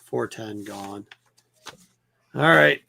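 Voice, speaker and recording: Gravelly man sorting comics, swearing. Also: on the low side, extremely slow, pushed and bright, slight background noise. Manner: swears often, mutters while reading. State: voice cracking. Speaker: host. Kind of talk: casual chat while sorting comics.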